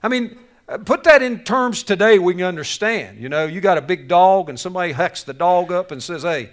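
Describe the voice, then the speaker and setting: Casting: male preacher, high-set voice, animated storyteller who jokes with the crowd. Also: brisk. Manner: animated, acts out characters, jokes with audience. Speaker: speaker to youth on bullying. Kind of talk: lively sermon storytelling.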